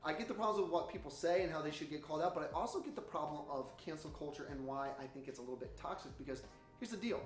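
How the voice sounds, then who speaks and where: Animated preacher with a slightly high voice. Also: male voice, quick pace, reverberant, faint music behind. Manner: animated, acts out reactions with loud exclamations. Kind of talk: sermon series intro.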